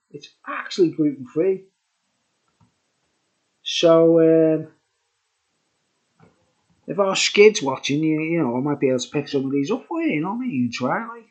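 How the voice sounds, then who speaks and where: A tipsy man chats his way through a beer review, rambling and full of fillers. His pitch swings widely and he takes his time, all caught on a dull, lo-fi recording. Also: a little mellow.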